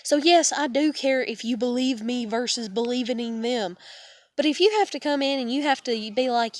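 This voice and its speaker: High-voiced frustrated woman venting. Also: normal speed. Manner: swearing, exasperated, trailing off into weary sighs. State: upset and stressed. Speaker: vlogger. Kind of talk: frustrated personal vent to camera.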